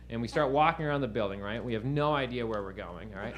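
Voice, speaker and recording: A man's voice: medium pitch, animated, a little fast, background noise. A man doing stand-up, telling a rambling, profane story and asking the crowd "right?" over and over. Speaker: stand-up comedian. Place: comedy stage before a live audience. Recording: live room with audience laughter.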